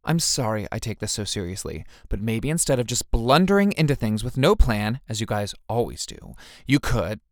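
A man's voice: on the low side, sing-song, moderate pace, no room sound, clean studio sound. A man voicing a serious, lecturing female sniper speaking over a radio, in a storybook reading.

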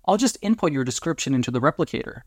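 A man's voice: medium pitch, animated, rapid-fire, no room sound, studio quality. A man reading a story aloud, voicing a fussy male alien commander who talks in a nervous, reassuring and pedantic way.

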